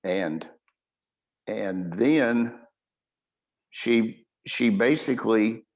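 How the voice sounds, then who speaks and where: On a webinar, a surgeon with a lowish voice haltingly relates what happened to a patient, often starting over and correcting himself as he goes.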